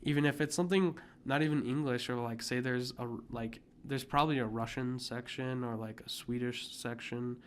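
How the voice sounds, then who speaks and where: A man's voice: mid-range voice, steady tone, normal speed, few pauses, slight background noise. A young man hosting a podcast, chatting casually and rambling with many fillers. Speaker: podcast host. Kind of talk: casual chat.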